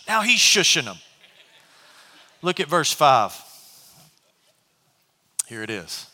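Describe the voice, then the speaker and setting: A male pastor preaching a sermon, telling the story in a lively way and acting out the people in it. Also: on the high side. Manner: animated storytelling, acts out characters. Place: church sanctuary. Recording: reverberant hall.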